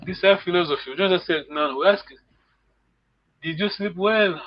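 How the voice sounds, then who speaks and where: A man's voice: high voice, normal speed, dull audio. A man from Congo, teaching a live online language lesson over a video call. He explains patiently and repeats words for his students to echo.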